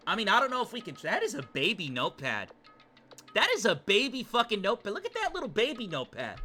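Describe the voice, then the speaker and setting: A young man streaming a game, rambling and chatting, breaking into loud excited jokes. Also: high voice, fast. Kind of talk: live game commentary. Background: faint game music.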